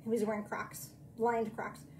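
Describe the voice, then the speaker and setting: Mellow-voiced woman preaching gently. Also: a little high, level tone, a little hiss or hum. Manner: chatty, self-deprecating storytelling; slow, soothing meditation guidance. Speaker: minister. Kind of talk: sermon and guided meditation.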